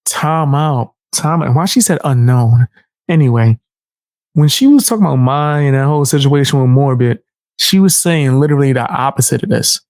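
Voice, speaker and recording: Gravelly man mocking in commentary. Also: mid-range voice, expressive, moderate pace, darkish tone, dry recording. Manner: mocking, incredulous, slangy. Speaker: commentary host. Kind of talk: reaction commentary.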